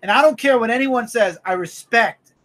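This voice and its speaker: A man co-hosting a casual comic book review chat, animated and emphatic, often repeating himself and breaking into shouts. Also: extremely high pitch, normal speed. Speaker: comic book podcast co-host.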